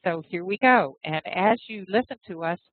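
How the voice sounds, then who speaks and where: A woman's voice: on the low side, animated, normal speed, no room sound. Woman presenter over a tinny line. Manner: conversational, with frequent fillers. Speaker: education program presenter. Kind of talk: online seminar presentation and story reading. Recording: dry, tinny phone-like audio.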